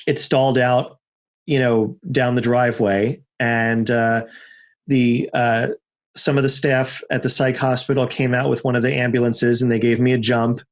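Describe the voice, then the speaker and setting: A middle-aged man, a podcast guest, telling a story in a casual, animated way and acting out the quotes in it. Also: mid-range voice. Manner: animated, acts out shouted quotes in his stories. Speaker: podcast guest, car owner.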